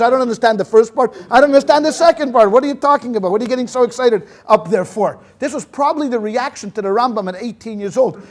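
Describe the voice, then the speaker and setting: A rabbi giving a history lecture as a lively storyteller, acting out quotes and dropping Yiddish words. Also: male voice, high-pitched. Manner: animated storyteller acting out quotes, many restarts. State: sweating in a hot room.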